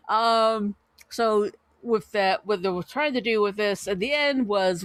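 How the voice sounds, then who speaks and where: A woman's voice: medium pitch, unhurried, no room sound. A woman hosting a podcast, reviewing comedy clips in a chatty, giggly, enthusiastic way. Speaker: podcast host. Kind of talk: casual review chat.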